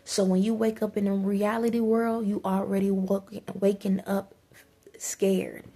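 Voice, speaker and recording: Gravelly, husky woman urging listeners on. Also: medium pitch, flat delivery, a little slow, mellow. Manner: emphatic, repetitive urging, stumbles and restarts. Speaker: spiritual vlogger. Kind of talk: preachy spiritual advice monologue.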